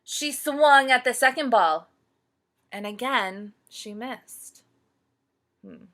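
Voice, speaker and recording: A woman storyteller reading a picture book aloud to children, pausing to ask them questions. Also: fairly high pitch. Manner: slow, animated, asks listeners questions.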